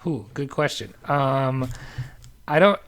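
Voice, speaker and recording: A man co-hosting a podcast in casual chat, relaxed and laughing often. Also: mid-range voice, slow pace. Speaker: podcast co-host. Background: remote call.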